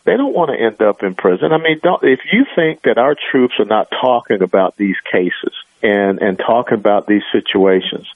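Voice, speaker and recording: A man's voice: lowish voice, normal speed, hardly any pauses, dry recording. A man as a radio interview guest, talking in an emphatic, earnest way over a phone line.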